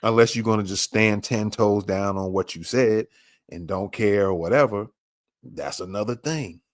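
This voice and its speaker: A man's voice: lowish voice, normal speed, dry recording, clean studio sound. A man hosting a podcast, commenting on a clip with emphatic, repeated rhetorical questions. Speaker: podcast host.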